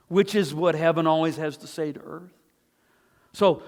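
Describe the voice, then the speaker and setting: Man, pastor, high voice, earnest sermon, scripture read with rising feeling, church reverb. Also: normal speed. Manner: earnest, reads scripture aloud with rising emotion. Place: church sanctuary.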